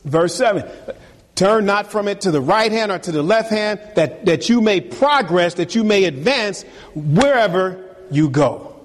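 Animated pastor preaching in a reverberant hall. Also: male voice, sits high, unhurried. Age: middle-aged. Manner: animated, teasing, calls for amen. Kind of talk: sermon. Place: church sanctuary.

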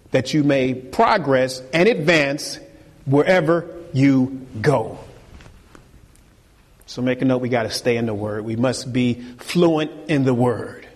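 A man's voice: mid-range voice, long reverb tail. A man preaching a sermon as pastor, emphatic and repeating key phrases for force.

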